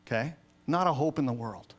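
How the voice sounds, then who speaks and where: A man, an associate pastor, preaching a sermon in a conversational yet emphatic way, with sudden swells of excitement. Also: mid-range voice, fairly quick. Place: church sanctuary.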